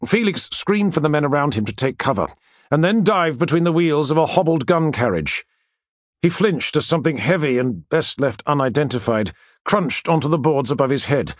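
Expressive male fantasy audiobook narrator. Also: on the high side, no room sound, clean studio sound. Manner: dramatic, expressive storytelling.

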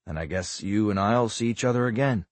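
A man doing a calm, guarded agent. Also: no room sound, natural voice. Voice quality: low, quiet and measured.

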